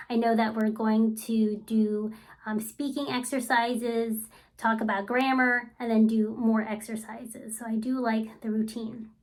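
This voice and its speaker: A woman vlogger speaking in a casual, frank, rambling way, full of fillers like "um" and "you know.". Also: on the high side. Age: adult. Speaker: language-learning vlogger. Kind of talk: casual chatty review.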